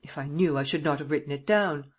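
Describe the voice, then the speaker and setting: Stubborn captive tycoon as voiced by a reader, curt, husky, audiobook. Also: medium pitch, fairly quick, natural voice. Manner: curt, flat, withholding replies. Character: rich captive businessman, stubborn man. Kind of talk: audiobook dialogue reading.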